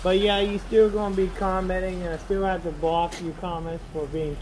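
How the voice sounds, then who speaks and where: A man with a notably high voice talks into the camera from inside his car. He rambles and complains, circling back on himself with constant "you know"s, and a faint hum of ambience sits behind him. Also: little pitch movement, normal speed, a little mellow, rough recording. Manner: aggrieved, complaining. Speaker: delivery driver vlogger. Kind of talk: casual vlog rant. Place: in his car on a snowy road.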